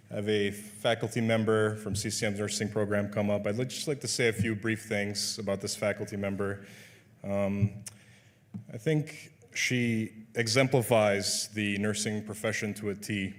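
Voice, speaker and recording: A man's voice: fairly low pitch, level tone, normal speed. A young man, a nursing student, sincerely introducing a faculty speaker at a ceremony in an event hall. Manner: sincere, admiring. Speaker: student presenter.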